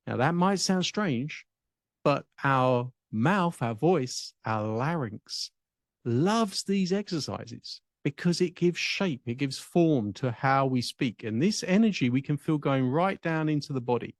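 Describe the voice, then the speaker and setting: English-accented male coach, unhurried reflective teaching tone with long pauses, dry intimate recording. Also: medium pitch, expressive, dry recording. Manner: measured, deliberate, with long pauses. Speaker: speech and public speaking coach.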